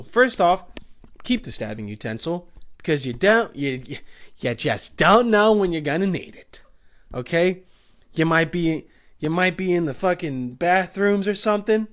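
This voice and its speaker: A man's voice: a little high, expressive, moderate pace, a bit bright. A man hosting a podcast, rambling through a crude comic monologue. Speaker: podcast host. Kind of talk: comedic solo monologue.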